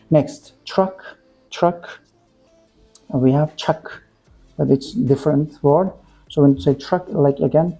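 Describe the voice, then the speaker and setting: A man teaching English pronunciation, saying example words slowly and repeating them, with short, plain corrections. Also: medium pitch, gravelly, mellow, husky. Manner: simple, direct phrasing with plain corrections. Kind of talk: pronunciation lesson.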